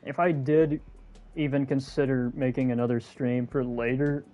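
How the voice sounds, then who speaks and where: A man hosting a casual live gameplay stream, chatty and excitable, talking to his viewers. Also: mid-range voice, moderate pace, muffled recording, faint music behind. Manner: chatty and excitable, talks to chat. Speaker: gaming streamer.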